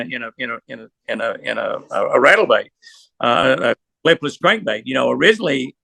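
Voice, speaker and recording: A man's voice: mid-range voice, gravelly, pushed and bright, no echo. An older man, a professional angler, telling rambling, folksy anecdotes in an interview. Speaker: pro angler guest. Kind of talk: storytelling interview.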